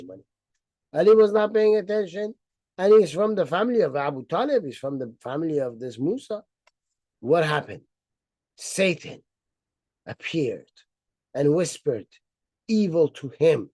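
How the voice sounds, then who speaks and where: A man's voice: a little high, mellow, no room sound. A man giving a sarcastic, mocking commentary on religious history, retelling it theatrically and acting out the people in it. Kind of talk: mocking lecture-style commentary.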